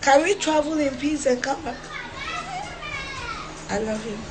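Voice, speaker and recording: A woman's voice: sits high, a little slow, background noise. A middle-aged woman with a Ghanaian English accent, vlogging with her sons in a car, mock-crying, laughing and teasing them. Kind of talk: casual family vlog.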